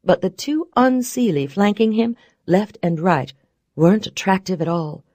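A woman narrating a first-person story in a wry, expressive way. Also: mid-range voice, moderate pace, dry recording, studio quality. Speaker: audiobook narrator.

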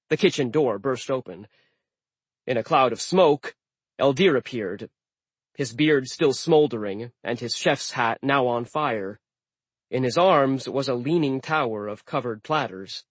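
Husky, slow male audiobook narrator. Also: medium pitch, no echo. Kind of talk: first-person audiobook narration.

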